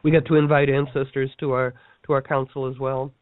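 A man teaching a workshop in a casual storytelling talk, animated and playful, acting out the people he quotes. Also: medium pitch, brisk, clean tone, no room sound. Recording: dry tinny phone-like line.

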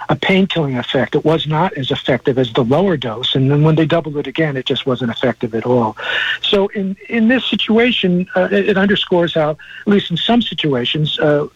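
A man's voice: a little high, husky, no echo, muffled recording. A man speaking as an interview guest, explaining in a hesitant way with many fillers and restarts over a remote line. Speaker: guest, cannabis news editor.

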